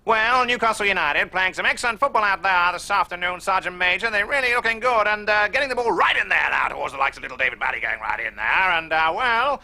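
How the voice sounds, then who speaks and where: A man puts on a football commentator who calls the match in a high, bouncing voice. Without warning he growls in the middle of the commentary, and the effect is a comic impression. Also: lively intonation, fast talker, hardly any pauses, sharp tone, exaggerated voice. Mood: excitable. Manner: sudden growling outbursts.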